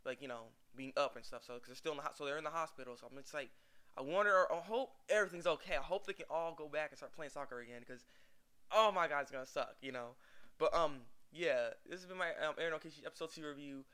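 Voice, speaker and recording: A man's voice: on the high side, quick pace, sharp tone. A young man casually recapping an anime episode, rambling and acting out the characters' lines with laughs. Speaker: anime reviewer.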